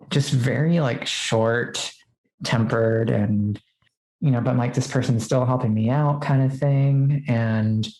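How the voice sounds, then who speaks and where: A woman's voice: rumbling low, mellow, echoey room, poor audio. A woman as a podcast guest, telling a personal story in casual chat, full of "like" fillers and quoting what she said. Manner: chatty, many "like" fillers, quotes herself.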